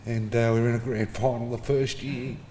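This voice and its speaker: A man's voice: mid-range voice, little pitch movement, fairly quick, warm tone, slight background noise. A middle-aged Australian man giving an informal eulogy for his father, telling casual stories with the odd chuckle. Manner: casual storytelling, chuckling between anecdotes. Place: funeral service hall. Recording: echoey hall with faint ambience.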